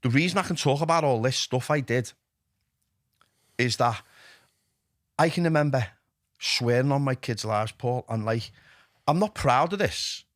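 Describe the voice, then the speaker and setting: A man with a Liverpool accent, speaking bluntly and swearing freely as a podcast guest telling his recovery story in an animated way. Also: mid-range voice, unhurried, pauses often, no room sound, clean studio sound. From Liverpool, England. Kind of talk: candid interview talk.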